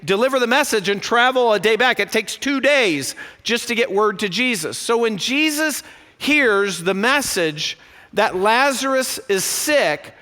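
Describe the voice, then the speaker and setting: A male pastor preaching a sermon in a church, animated and full of rhetorical questions. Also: very high voice, big-room sound. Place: church sanctuary.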